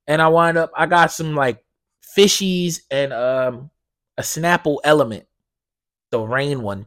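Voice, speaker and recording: Man, high voice, dry close sound, podcast host, profane animated rant, loud outbursts then low mumbles. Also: no room sound. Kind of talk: casual solo podcast rant.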